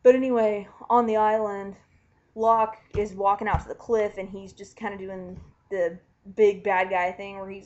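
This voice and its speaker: A woman giving an animated, casual spoken recap, chatty and swearing freely. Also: medium pitch, normal speed. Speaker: vlogger recapping a TV finale. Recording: dull lo-fi home recording.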